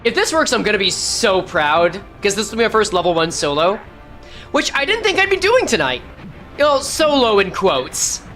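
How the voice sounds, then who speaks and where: A woman's voice: medium pitch, big pitch swings, moderate pace, fairly bright tone, faint music behind. Woman thinking aloud while gaming. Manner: thinking aloud, self-correcting. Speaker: game streamer. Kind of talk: casual gameplay commentary.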